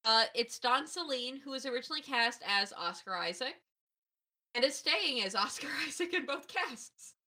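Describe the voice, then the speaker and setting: A woman co-hosting a podcast in casual chat, joking in a playful, deadpan way. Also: sits high, moderate pace. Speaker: podcast co-host.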